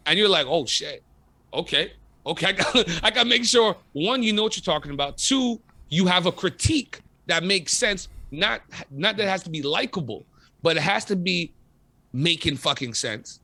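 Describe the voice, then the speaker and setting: Guy radio host, high-ish bright voice, swears a lot, fired up, dry close sound. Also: brisk, dry recording. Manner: animated, profane, emphatic storytelling. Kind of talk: casual interview chat.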